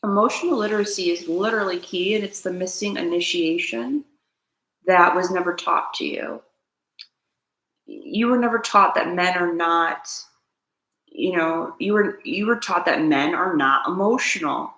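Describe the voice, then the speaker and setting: A woman's voice: lowish voice, moderate pace, a bit bright, echoey room, low-quality recording. A woman hosting a spiritual self-help talk, speaking earnestly and preachily, repeating her key points and asking viewers to comment. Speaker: host.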